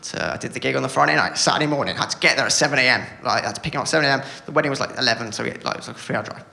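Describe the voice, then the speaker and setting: A man's voice: medium pitch, rapid-fire, creaky, bright, forceful tone. A man doing stand-up comedy on a theatre stage. He rambles and puts himself down, with many stammered restarts. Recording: live theatre recording with noise.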